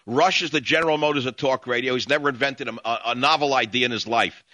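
A man's voice: mid-range voice, quick pace, few pauses, sharp tone, no echo. A man hosting a call-in talk radio show, ranting combatively at his callers in long monologues. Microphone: studio mic.

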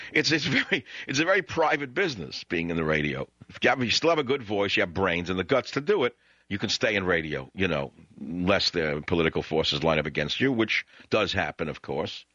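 A man's voice: low-pitched, big pitch swings, brisk, pushed and bright, no room sound, highs cut off. A man with a New York accent hosting a talk radio show, ranting sarcastically in an opinionated monologue that swings into sudden outbursts.

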